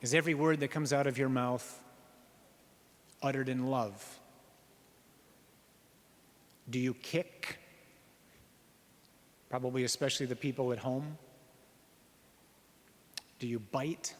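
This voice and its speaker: A priest giving an earnest sermon, slowing down on key phrases and asking the listeners rhetorical questions. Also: male voice, medium pitch, fairly even intonation. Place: church. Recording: reverberant church hall.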